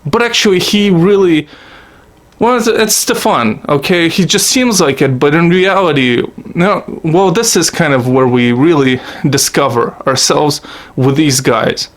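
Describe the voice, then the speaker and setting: A man's voice: on the high side, unhurried. Sarcastic, profane comic man ranting. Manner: sarcastic, profane, mock-earnest rant. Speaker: comedy video host. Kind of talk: satirical comedic monologue.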